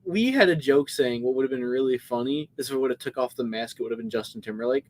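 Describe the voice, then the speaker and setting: A man of middle pitch co-hosts a casual movie podcast and talks quickly and with energy. He retells scenes by acting out the characters' lines, with laughs breaking into his story. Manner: animated storyteller, acts out scenes. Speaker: podcast co-host. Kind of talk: casual movie review chat.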